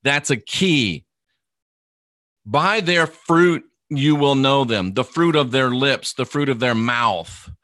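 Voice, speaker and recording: A middle-aged male minister preaching to a livestream audience in an emphatic, repetitive cadence, stretching out words and even spelling them. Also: medium pitch, slow, dry recording, clean studio sound.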